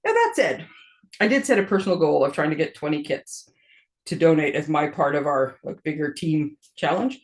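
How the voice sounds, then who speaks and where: A woman's voice: sits low, big pitch swings, moderate pace. A middle-aged woman chats as the host of a paper crafting show. She talks in a rambling, friendly flow, restarting her sentences and laughing between them. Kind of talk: casual chat.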